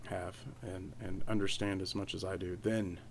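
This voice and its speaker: Man doing ancient enigmatic emperor, calm, condescending, low voice, faint hiss behind. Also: moderate pace. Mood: aloof.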